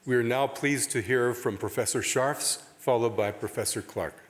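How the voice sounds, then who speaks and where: A man's voice: medium pitch, moderate pace. A male moderator courteously introduces the next speakers. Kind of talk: session introduction. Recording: distant voice with hall reverb.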